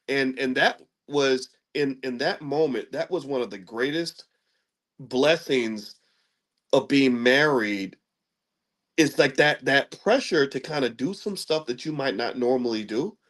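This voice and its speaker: Talking to camera on his own channel, a middle-aged commentator tells a story in a casual, humorous monologue, mocking himself as he stammers and repeats words. His voice is on the high side, animated, unhurried, and fairly bright.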